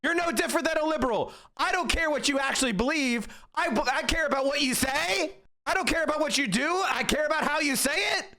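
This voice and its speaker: A man's voice: very high-pitched, a little fast, hardly any pauses, sharp tone. A man streaming live political commentary, heated and profane, berating his chat.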